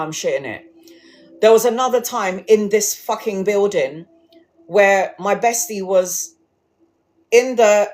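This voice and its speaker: A woman telling ghost stories casually, animated and swearing, acting out the people she quotes. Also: medium pitch. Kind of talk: casual storytelling livestream.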